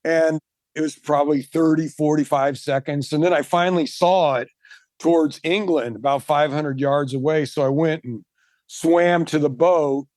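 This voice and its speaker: A man, a marathon swimmer and guest, telling his story in casual chat, animated and emphatic, laughing often. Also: on the high side, normal speed, no room sound.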